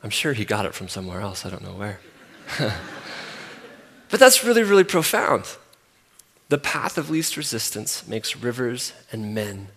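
A man in his thirties preaching a sermon, emphatic and repetitive, swinging from loud to soft. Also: fairly low pitch, sing-song, normal speed. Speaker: pastor. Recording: long hall reverb.

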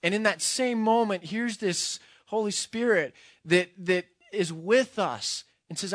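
A man preaching a sermon, earnest, moving from quiet, hushed passages to loud, impassioned ones. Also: high voice, unhurried, few pauses, dry recording, clean studio sound. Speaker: pastor.

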